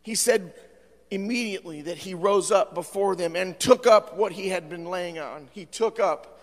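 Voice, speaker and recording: A male pastor preaching a sermon, with frequent "uh" fillers, swinging between fervent shouting and quieter appeals. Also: high-pitched, moderate pace. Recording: long hall reverb.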